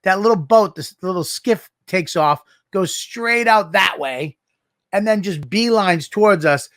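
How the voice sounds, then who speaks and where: Profane animated podcast co-host man. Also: high voice, a little slow, no room sound, clean studio sound. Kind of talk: casual podcast banter.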